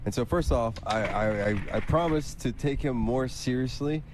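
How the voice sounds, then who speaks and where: A man on a live radio show, telling a story in relaxed casual studio banter. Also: medium pitch, normal speed, noisy background. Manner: laid-back storytelling.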